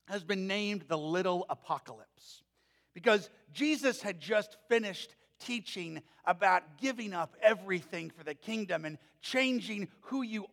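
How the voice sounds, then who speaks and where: A man's voice: high-pitched, gravelly, fairly bright tone, long reverb tail. A man in his forties, a pastor preaching a sermon in a church with folksy, conversational storytelling. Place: church sanctuary.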